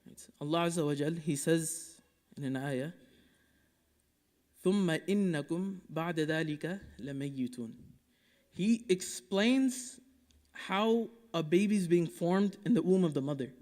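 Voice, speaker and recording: A man from Dallas giving a Friday sermon as imam, impassioned and rhetorical, rising to loud urging and dropping to hushed asides, reciting Quranic Arabic quickly between English explanations. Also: a little high, expressive. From Dallas, Texas. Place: mosque prayer hall. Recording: long reverb of a mosque hall.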